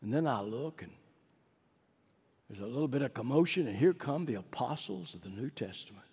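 A man preaching a sermon and leading an altar call, rising to ringing climaxes and dropping to hushed pleading. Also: medium pitch, animated, fairly quick, husky. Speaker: pastor. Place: large church sanctuary. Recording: long hall reverb.

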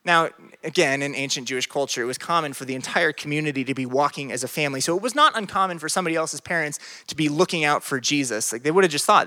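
Animated joking male pastor. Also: on the high side, rapid-fire. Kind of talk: sermon to a youth group.

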